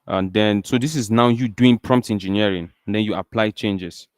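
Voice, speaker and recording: A man's voice: lowish voice, moderate pace, smooth, dry recording, studio quality. Nigerian man giving a casual tech demo. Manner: casual, chatty, thinking aloud with fillers. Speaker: tech presenter. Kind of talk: live software demo talk.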